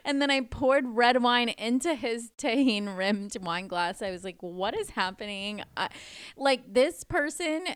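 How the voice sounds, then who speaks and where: A woman co-hosting a casual podcast, telling an animated story, acting out the dialogue and laughing often. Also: fairly high pitch, unhurried, smooth. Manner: acts out quoted dialogue. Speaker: podcast co-host.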